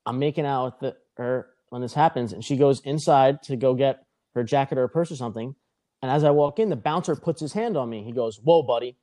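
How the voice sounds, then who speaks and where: A man's voice: medium pitch, brisk. Profane young man telling a wild story. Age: young adult. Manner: rambling, profane, animated retelling. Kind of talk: casual podcast storytelling.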